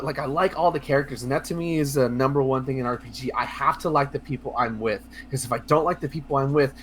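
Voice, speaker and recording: A male podcast co-host rambles excitably through a casual chat about video games, full of fillers, restarts and swearing. His voice is medium-pitched, with a little hiss or hum.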